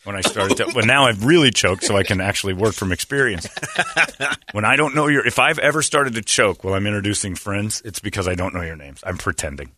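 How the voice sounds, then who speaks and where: A middle-aged man hosting a radio show, telling funny stories in an animated way and acting out the voices of people in them. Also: on the low side, a little fast, no echo. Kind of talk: casual comedic storytelling.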